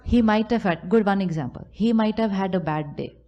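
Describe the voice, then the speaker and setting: A woman's voice: medium pitch, a little fast, mellow, muffled recording. A woman giving a spiritual talk to a live audience at a retreat center, acting out hurt inner thoughts in quoted asides. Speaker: spiritual teacher.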